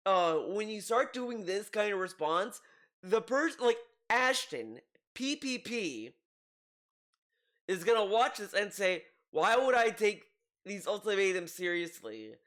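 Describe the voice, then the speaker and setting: A man's voice: high voice, lively intonation, a little slow, a bit bright. A man giving casual commentary, rambling with frequent restarts and asides. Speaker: commentary youtuber.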